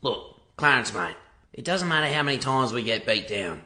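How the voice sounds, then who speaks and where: A man acting in a comedy skit, loud, profane and excitable. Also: mid-range voice, normal speed. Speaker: comedy creator. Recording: loud background noise.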